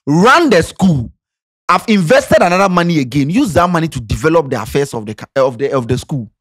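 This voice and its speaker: A man with a Ghanaian accent delivers an impassioned commentary rant. His voice sits a little high and leaps around with lively swings. He jabs with sarcasm and rhetorical questions. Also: a little fast. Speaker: commentary vlogger. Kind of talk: opinionated social commentary.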